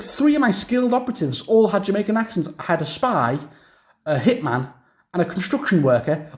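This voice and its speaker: A man's voice: high-pitched, darkish tone. A young man rambling through a casual video game review rant, repeating himself and using lots of fillers.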